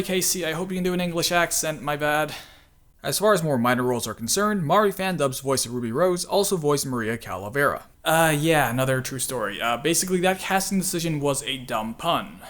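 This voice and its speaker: In a relaxed video commentary, a man with a slightly high, fairly bright voice talks easily and makes fun of himself. He laughs a lot and uses many filler words; he is a channel host and voice actor.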